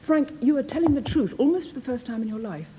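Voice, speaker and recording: A woman's voice: high-pitched, lively intonation, fast talker, dull audio, very noisy. A woman team captain on a panel game show, telling stories in a playful, amused way.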